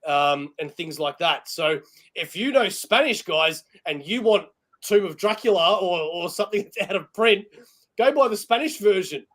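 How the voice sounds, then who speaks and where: Man, high voice, animated, laughing storyteller, casual podcast chat. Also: normal speed. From Australia. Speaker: podcast co-host.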